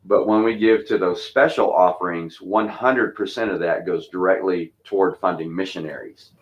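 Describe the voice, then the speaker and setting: Heard through a muffled recording, this pastor in his fifties from Texas talks at a moderate pace about church missions. He has a low voice and light twang, and his relaxed stories ramble and circle back through fillers and restarts.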